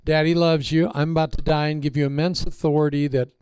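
A man's voice: fairly high pitch, little pitch movement, fast, darkish tone, clean tone, no echo, clean studio sound, close to an everyday voice. A man preaching, voicing a dying old king who speaks to his son and gives orders. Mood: fatherly. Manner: fatherly, commanding.

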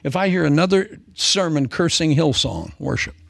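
A man preaching a lively sermon, playful and joking, slipping into voices for asides. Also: fairly high pitch, moderate pace, creaky.

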